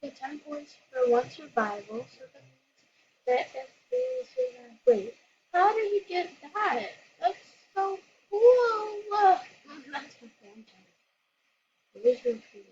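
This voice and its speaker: A woman hosting her own channel, excitedly commenting on a game she plays, squealing and laughing. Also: very high voice, takes it slowly. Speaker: gaming channel host. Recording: lo-fi with noisy background.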